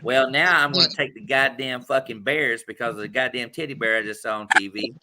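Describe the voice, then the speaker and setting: A man hosting a casual sports talk stream, swearing freely and talking loudly and animatedly. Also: mid-range voice, a little fast, slight background noise. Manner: loud, profane, animated. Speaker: podcast host.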